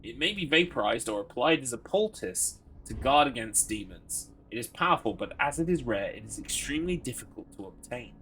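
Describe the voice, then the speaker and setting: Bright-voiced British man streaming a game. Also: medium pitch, sing-song, a little fast, hardly any pauses, a little hiss or hum. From Britain. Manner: reads item text aloud, mocks and jokes with chat. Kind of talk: casual game commentary.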